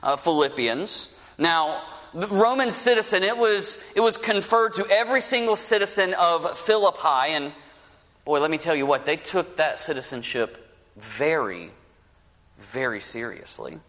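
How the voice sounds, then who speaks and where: Slow, bright-voiced man preaching in a hall. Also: fairly high pitch. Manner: animated storytelling preacher, folksy asides. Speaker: pastor. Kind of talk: sermon.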